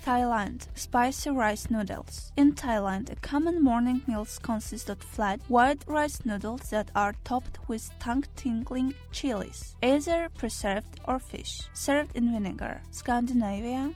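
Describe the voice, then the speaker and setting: A woman's voice: fairly high pitch, a little slow, few pauses, a little mellow. A woman hosting a video, reading a scripted list with chatty, playful asides to the viewer. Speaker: video host. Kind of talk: scripted narration of a listicle video. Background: background music.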